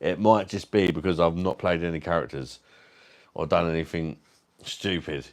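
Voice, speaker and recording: A man's voice: deep voice, steady tone, moderate pace. A British man hosting a live stream, reading comments and joking about himself while swearing freely. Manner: jokey, self-mocking, swears freely.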